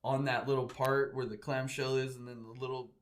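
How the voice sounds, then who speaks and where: A man's voice: medium pitch, level tone, fairly quick, slight background noise. A man from Southern California, a guest on a podcast, talking in an earnest, laid-back, slangy way. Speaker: guest skateboarder. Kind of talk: casual podcast chat.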